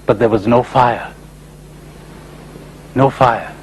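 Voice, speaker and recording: A man's voice: a little slow, slight background noise, poor audio. A man giving a spiritual lecture, telling stories and jumping into characters' voices. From India. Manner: animated storyteller, voices characters with sudden high pitch jumps.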